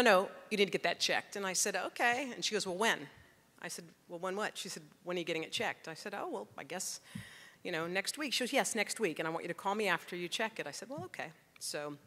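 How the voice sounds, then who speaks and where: A middle-aged woman tells her story from a stage, acting out each voice in it. Her tone is bright and a little low. A long reverb from a large hall trails behind her words. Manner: animated storyteller acting out dialogue. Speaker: keynote speaker. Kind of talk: storytelling speech.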